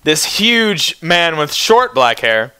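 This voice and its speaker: A man's voice: fairly high pitch, sing-song, slow, sharp tone, smooth. A young man narrating as game master in a tabletop game, laughing often as he narrates.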